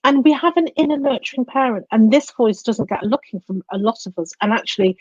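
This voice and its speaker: A woman being interviewed as a coach and psychotherapist, explaining in an animated way and acting out the inner voices she describes. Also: on the high side, quick pace, slightly rough, no room sound, muffled recording.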